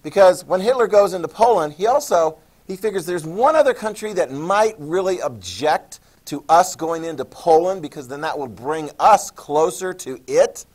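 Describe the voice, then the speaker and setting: Animated male teacher lecturing a class. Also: high-pitched, moderate pace. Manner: animated, acts out countries in jokey voices; asks the class questions. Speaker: history teacher.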